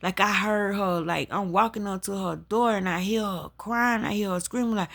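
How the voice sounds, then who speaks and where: A woman's voice: medium pitch, moderate pace, gravelly, few pauses, a bit bright. A woman telling a personal story to her listeners and turning it into an emphatic spiritual lesson. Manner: emphatic, addresses listeners as y'all. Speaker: spiritual talk host. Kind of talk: personal testimony with preaching.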